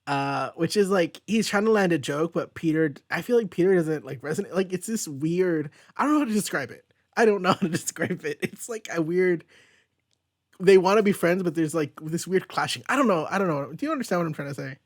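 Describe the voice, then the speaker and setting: A man's voice: fairly high pitch, a little fast, no room sound, studio quality. A man hosting a casual comic book review chat, rambling and thinking aloud as he goes. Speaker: host.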